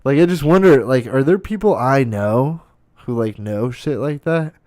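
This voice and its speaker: A man's voice: medium pitch, animated, normal speed, darkish tone, no echo, clean studio sound. A young man hosting a podcast, ranting in disbelief and swearing constantly. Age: young adult. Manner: profane, incredulous, swearing often. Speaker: podcast host. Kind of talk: ranting monologue.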